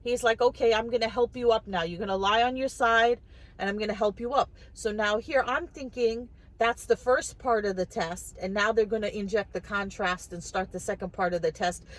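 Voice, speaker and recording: A woman's voice: mid-range voice, steady tone, moderate pace, low-quality recording. A woman vlogger talking casually to the camera, telling a personal story in a chatty way, often repeating and restarting her words.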